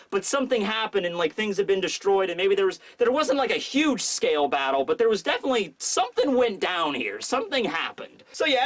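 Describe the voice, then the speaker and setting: A man's voice: high voice, fairly bright tone. A man hosting a manga review, recapping a chapter in a casual, rambling and jokey way, full of fillers.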